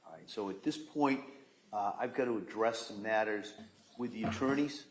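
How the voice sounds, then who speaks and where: A man presiding as judge, giving formal courtroom instructions in a measured way, pausing on fillers. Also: fairly low pitch. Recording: echoey courtroom feed with background noise.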